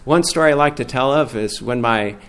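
A man's voice: medium pitch, fairly quick, a bit bright. A middle-aged man preaching a sermon as a guest pastor, reading scripture out with rising force.

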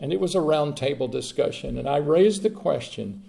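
A man from Mississippi, preaching a sermon with long pauses and swings between soft and loud. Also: on the high side, expressive, creaky. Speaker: pastor.

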